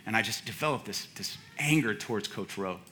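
A pastor in his forties tells a story from the pulpit in a loose, chatty way. His voice is bright and forceful, and he often laughs at himself and restarts his sentences. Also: fairly low pitch, expressive, brisk, slight background noise. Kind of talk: sermon storytelling.

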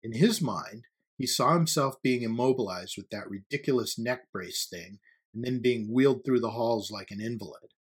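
A man reading a story aloud as audiobook narration. His delivery is steady and even-paced, at a middle pitch for a man. His voice has a husky, breathy grain. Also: normal speed.

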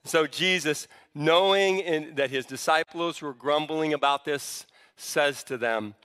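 A man with a fairly high, forceful voice preaches a sermon. He speaks with emphasis and often breaks off and restarts words. His voice rings out with the long reverb of a large hall. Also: measured pace, clean tone. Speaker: pastor.

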